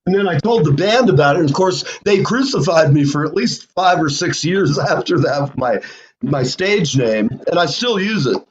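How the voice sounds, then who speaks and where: Male show host, rambling storyteller, animated pitch, slightly high voice, dull lo-fi sound. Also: moderate pace. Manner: rambling anecdotes with fillers. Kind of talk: casual storytelling chat.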